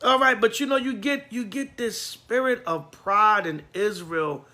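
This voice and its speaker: Brief: male preacher, high bright voice, emphatic and blunt, streetwise sermon. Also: measured pace. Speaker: priest.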